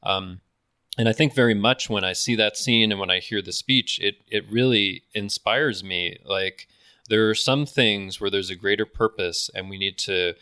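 Bright-voiced, self-deprecating man chatting. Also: deep voice, clear, resonant tone, no echo, studio quality. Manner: enthusiastic, self-deprecating, many restarts. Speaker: podcast co-host. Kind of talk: casual chat.

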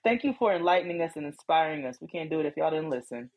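Husky woman cohost, lowish voice, reads shoutouts, laughs a lot, emphatic. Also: lively intonation, fast, low-quality recording. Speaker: podcast co-host. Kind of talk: casual chat, reading listener letters.

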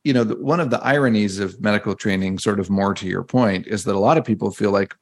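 A man's voice: fairly low pitch, quick pace. A man hosting a podcast interview in an easygoing way, leading into a closing question. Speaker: podcast host.

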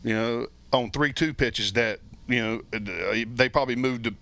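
An older man, a former baseball pitcher, telling stories in a relaxed, rambling chat with many restarts and fillers. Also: normal speed, creaky. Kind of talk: casual storytelling chat.

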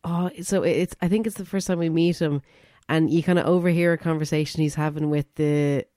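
A woman co-hosting a podcast, telling film anecdotes in a casual, animated way. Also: deep voice, brisk, dry recording, studio quality. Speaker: podcast co-host.

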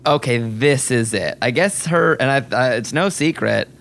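A man co-hosting a podcast, talking in loose, gossipy chat. His voice sits at an ordinary middle pitch. He bursts into laughter easily and keeps the energy high. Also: normal speed, creaky. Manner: animated, gossipy, laughs often. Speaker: podcast co-host. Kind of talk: casual chat.

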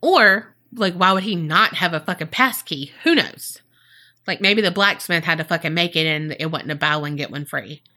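A woman with a lowish, sharp-toned voice speaks at a moderate pace as a podcast co-host. She casually retells a true-crime case, chatty and profane, acting out quotes in playful, funny voices.

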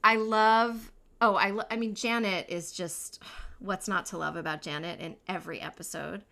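A woman co-hosting a podcast in casual chat, enthusiastic and quick to laugh. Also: mid-range voice, steady tone, creaky, bright, forceful tone. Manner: enthusiastic, laughs often, trails off and restarts. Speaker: podcast co-host.

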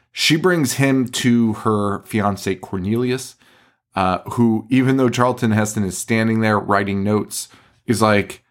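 A man co-hosting a podcast, casually recapping a film with a lot of swearing, laughter and mocking voices for the characters. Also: lowish voice. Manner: profane, animated retelling with mock voices. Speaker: podcast co-host.

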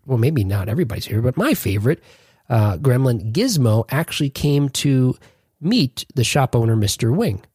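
A man's voice: mid-range voice, sing-song, moderate pace, darkish tone, slightly rough, no room sound, clean studio sound. A man hosting a podcast in casual chat, rambling and correcting himself as he jokes along. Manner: rambling, self-correcting, jokey. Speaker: podcast host.

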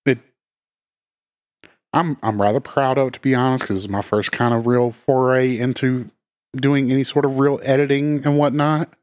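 Man co-host, mid pitch, dry joking, close dry mic. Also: steady tone, moderate pace, dry recording. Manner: dry teasing humor. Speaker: podcast co-host. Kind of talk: casual chat.

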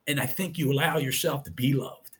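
A man's voice: mid-range voice, fairly even intonation, brisk, fairly bright tone, slightly rough. A middle-aged man telling a personal story as an interview guest, earnest and emotional, often quoting what others said. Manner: earnest and emotional, retelling with quoted dialogue.

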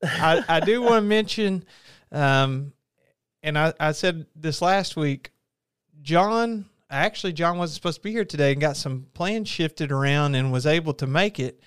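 A man with a Southern accent co-hosting a casual podcast, laid-back and drawling, quick to laugh. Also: fairly high pitch, expressive, a bit bright, smooth, dry recording, studio quality. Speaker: podcast co-host.

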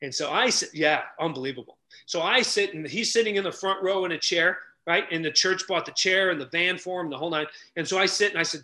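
An energetic middle-aged man telling stories as a podcast guest, acting out the people he quotes. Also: sits high, brisk, hardly any pauses. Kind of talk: animated storytelling.

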